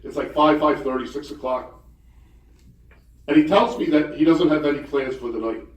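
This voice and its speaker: A man in his sixties doing stand-up storytelling, with chatty, hesitant delivery and deadpan punchlines. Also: fairly high pitch, normal speed. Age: 60s. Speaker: comedian at a banquet. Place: banquet hall. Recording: echoey hall, voice far off.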